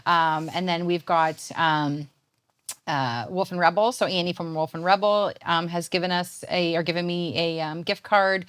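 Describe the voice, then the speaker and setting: A woman's voice: lowish voice, fairly even intonation, normal speed, a bit bright, clean tone. A woman in her thirties from Canada, a poet and guest chatting casually in an interview, rambling with lots of fillers.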